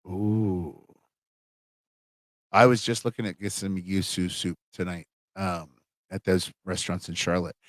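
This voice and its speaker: A man in middle age talks through the end of an online class, rambling and chatty, with plenty of fillers and restarts. His voice sits low. The sound is dry and close to the microphone. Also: fairly even intonation, normal speed, no room sound. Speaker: college humanities instructor. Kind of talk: casual livestream class wrap-up.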